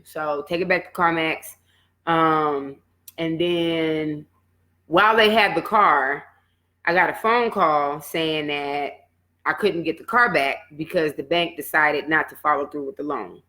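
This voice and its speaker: A woman's voice: low voice, a little slow. A woman fitness coach, telling a personal setback story in casual talk and acting out what she said back then. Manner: animated storytelling, acts out her own past words.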